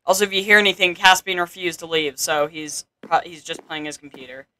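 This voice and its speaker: A man's voice: fairly high pitch, brisk. Chatty young man narrating gameplay. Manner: chatty, reads on-screen text aloud, thinks out loud. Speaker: gameplay video maker. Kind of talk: casual gameplay commentary.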